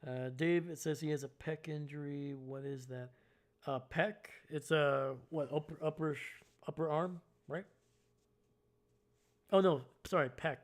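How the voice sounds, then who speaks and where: A man calling a game live for his stream, slightly higher-pitched than most men. He talks casually, laughs at himself, and lifts his voice when a big play happens. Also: fairly even intonation, moderate pace.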